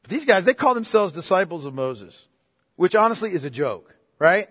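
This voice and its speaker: A man's voice: high voice, big pitch swings, moderate pace, fairly bright tone, slightly rough. A man preaching a sermon, emphatic and casual, repeating his phrases, recorded in a church hall. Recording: long reverb of a hall.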